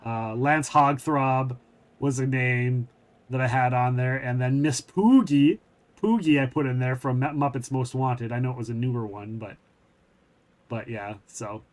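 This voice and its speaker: A man's voice: mid-range voice, a little slow. A middle-aged man hosting a gaming stream, chatting casually in a rambling, hesitant way with many fillers. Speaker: streamer host.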